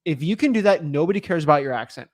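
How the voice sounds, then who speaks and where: A man's voice: on the high side, expressive, quick pace, no echo. A young man co-hosting a live stream, talking emphatically and repeating his points. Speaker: co-host of a live real estate stream.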